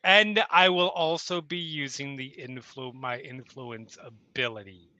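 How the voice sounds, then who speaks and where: A man's voice: mid-range voice, steady tone, a little slow, sharp tone, dry recording, lo-fi sound. A man playing a tabletop game, explaining his rolls and actions in a casual way. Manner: menacing in character, then casual about rules. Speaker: player.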